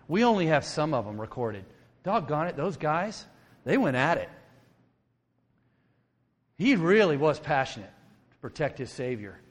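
A man preaches to his congregation in an animated, conversational way, slipping into voices for the quotes. His voice sits a little higher than most men's. It rings out with a long reverb, as in a church auditorium. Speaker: pastor. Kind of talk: sermon.

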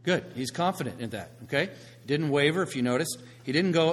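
A man preaching a sermon, swinging from hushed, quiet passages to loud, emphatic ones. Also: on the high side, animated, brisk. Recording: long reverb of a large hall.

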